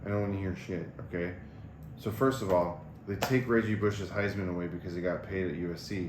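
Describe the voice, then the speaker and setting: A man's voice: deep voice, fairly even intonation, a little fast. A man co-hosting a podcast, telling stories in casual, profane chat. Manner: profane, storytelling, laughing often. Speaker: podcast co-host. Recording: echoey room with noise.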